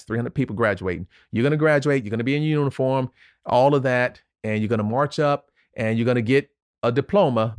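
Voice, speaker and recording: A man's voice: mid-range voice, dry recording, studio quality. A man, a retired Navy officer telling a personal story as a podcast guest in an earnest, emotional way. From Louisiana, USA. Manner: earnest, emotional, vivid retelling with pauses.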